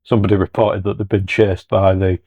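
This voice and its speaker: A man hosting a podcast, chatting in a relaxed way and thinking aloud as he goes. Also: low-pitched, fairly quick, no echo, phone-quality sound. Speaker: podcast host. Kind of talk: casual chat.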